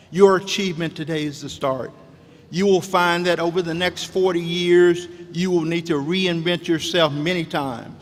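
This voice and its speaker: A man's voice: on the high side, measured pace. A man giving a rousing commencement speech in a preacher-like cadence, with repeated calls to the graduates. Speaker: commencement speaker. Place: large hall. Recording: long hall reverb.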